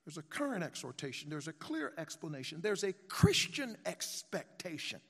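A man preaching a sermon as pastor, telling a story softly, then building into emphatic, repetitive exhortation. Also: a little high, big pitch swings, moderate pace, breathy edge, long reverb tail.

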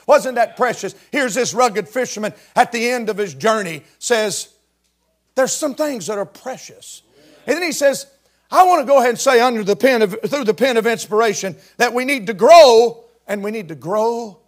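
High-voiced fervent male preacher. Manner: fervent Southern-style preaching, rising to shouts. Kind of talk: sermon.

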